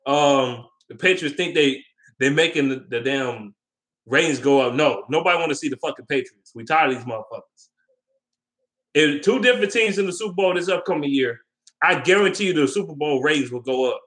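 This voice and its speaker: Heated and swearing heavily, a vlogger rants about sports, hammering the same points and taking viewer questions. His voice is on the high side and a bit bright.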